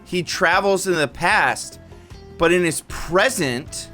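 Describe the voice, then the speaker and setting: A man's voice: sits high, takes it slowly, pushed and bright, faint music behind. A man on a comedy panel, chatting casually and telling stories in a wry way. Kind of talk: casual chat.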